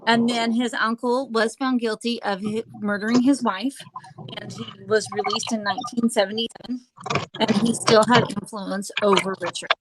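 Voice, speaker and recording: A woman hosting a casual true-crime chat, halting with fillers and restarts and dropping sarcastic asides. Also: fairly high pitch, steady tone, background noise. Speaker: host.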